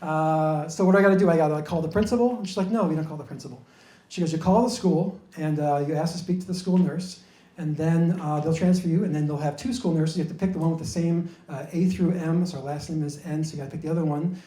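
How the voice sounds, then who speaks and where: High-voiced man doing self-deprecating stand-up. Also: steady tone, fast talker, dark tone, echoey room. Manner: self-deprecating, bumbling storyteller. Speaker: stand-up comedian. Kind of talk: stand-up comedy set.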